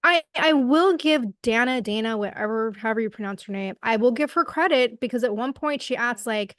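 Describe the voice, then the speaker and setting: Higher-voiced woman podcast co-host. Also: brisk, few pauses, dry recording, studio quality. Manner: speculative, critical, many fillers. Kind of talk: casual political chat.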